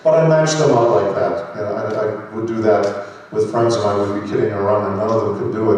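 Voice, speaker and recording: Lowish-voiced man on a convention panel, animated storyteller, far off in a reverberant hall. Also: normal speed, few pauses. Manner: animated storytelling, breaking into accent demos. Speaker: voice actor guest on a panel.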